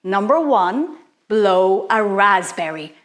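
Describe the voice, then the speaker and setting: A woman leading a playful children's activity, guiding young listeners through chants and spells in an animated, sing-song way. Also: mid-range voice, takes it slowly. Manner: animated, sing-song, exaggerated sounds for kids. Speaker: children's workshop leader.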